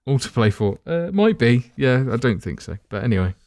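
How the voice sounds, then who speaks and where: A man runs a relaxed quiz for his friends, reading out clues and ribbing the players with playful asides. His voice sits at an ordinary middle pitch and sounds dry and close, with no room around it. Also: a little fast, no room sound. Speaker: quiz host. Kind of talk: casual quiz among friends.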